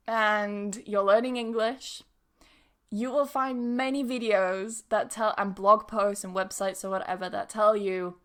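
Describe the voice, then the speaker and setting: A woman's voice: mid-range voice, fairly bright tone. A woman English pronunciation teacher hosting a podcast, talking in a casual, chatty way with laughs and asides. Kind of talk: casual solo podcast monologue.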